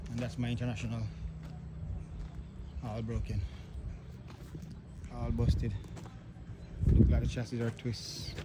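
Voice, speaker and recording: This is handheld walkthrough narration: a man with a mid-range, monotone voice moves slowly through a storm-wrecked truck yard outside, phone in hand, leaving long pauses. Heavy background noise surrounds his grief-stricken exclamations about the damage, which he frequently repeats.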